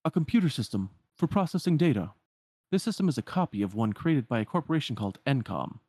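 A man voicing a calm adult man who explains things steadily. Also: medium pitch, fast talker, no echo, pitched above the performer's own voice. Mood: explaining.

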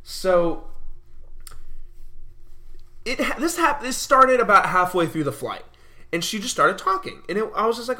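A man's voice: high-pitched, big pitch swings, a little slow, pauses often, pushed and bright. A young man in his early twenties hosting a podcast, ranting animatedly in a casual monologue and laughing often. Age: early 20s. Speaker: podcast host.

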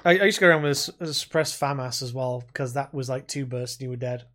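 A man's voice: mid-range voice, fast talker. A man co-hosting a podcast in casual gaming chat, rambling and swearing heavily as he tells his stories. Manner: rambling, heavy swearing, animated storytelling. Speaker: podcast co-host.

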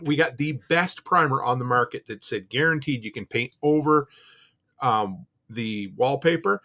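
A man hosting a live call-in podcast, chatting casually and relaxed, with the odd curse word. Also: medium pitch, normal speed. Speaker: podcast host taking live calls.

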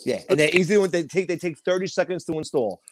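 A man co-hosting a casual chat, talking profanely and acting out quotes in loud, shouted voices. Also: fairly high pitch, fast.

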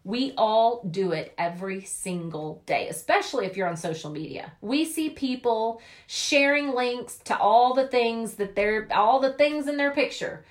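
A woman's voice: on the high side, expressive, a little slow, few pauses. A woman giving an upbeat, chatty motivational talk about network marketing, often acting out quoted voices.

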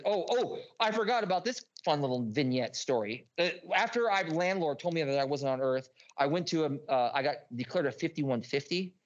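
A man with a slightly raised speaking voice rambles through a personal story as a podcast guest, profane and restless, often breaking off and restarting. The audio is dull and lo-fi. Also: a little high.

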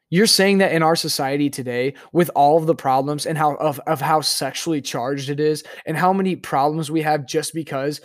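A man's voice: a little high, no echo, clean studio sound. A young man hosting a solo opinion podcast, talking heatedly and stumbling through restarts and repeated words. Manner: impassioned, repetitive, many restarts and stammers; mocking voices when quoting opponents. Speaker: podcast host.

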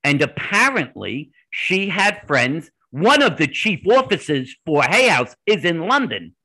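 A man being interviewed on a podcast, telling his stories animatedly in quick bursts with restarts. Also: fairly high pitch, big pitch swings, sharp tone, breathy edge, low-quality recording. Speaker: podcast guest. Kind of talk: conversational interview storytelling.

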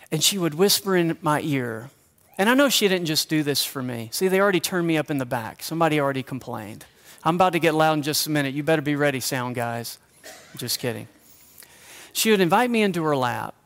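A man preaching a sermon as a pastor, talking with the congregation in a conversational, joking way and dropping his voice to a hush for emphasis. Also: fairly high pitch. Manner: drops to a hushed near-whisper for emphasis, then lifts again. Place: church sanctuary.

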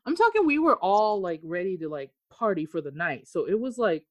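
A woman's voice: on the high side, moderate pace, dry recording. A young woman from Okinawa telling a story on a video call, swearing freely and acting out what she said. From Okinawa, Japan. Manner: animated, swears freely, quotes herself. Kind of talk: casual storytelling. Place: home in Texas during a storm.

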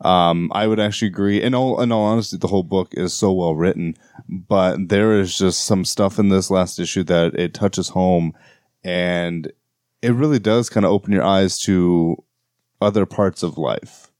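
Very deep-voiced man agreeing thoughtfully. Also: normal speed, a little mellow, no room sound, clean studio sound. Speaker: podcast co-host. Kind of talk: casual book club chat.

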